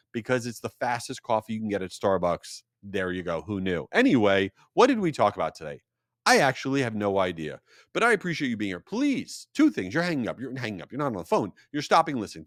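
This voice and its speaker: A man hosting a solo podcast, telling stories in an animated, jokey way with self-deprecating asides. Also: medium pitch, no room sound, studio quality. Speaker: podcast host.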